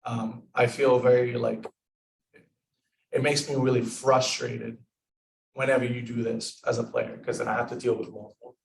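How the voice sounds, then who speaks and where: Leading an informal club discussion, a young man speaks at an ordinary pace in a medium-pitched voice with vocal fry and little pitch movement. He rambles with lots of fillers and performs example lines, and the club meeting room sounds echoey with the mic placed far away.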